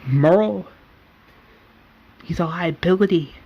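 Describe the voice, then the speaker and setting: A man's voice: high-pitched, takes it slowly, dull audio, full character voice. A level-headed man reasoning with a friend, voiced by a man. The tone sits a little above the performer's own and stays firm. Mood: persuasive. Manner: persuasive.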